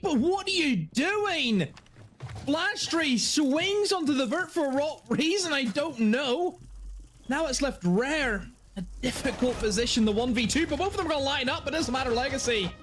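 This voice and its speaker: Guy casting esports play by play, high voice, gets hyped on plays, little bit of noise behind. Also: a bit bright. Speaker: esports commentator. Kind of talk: live esports play-by-play commentary.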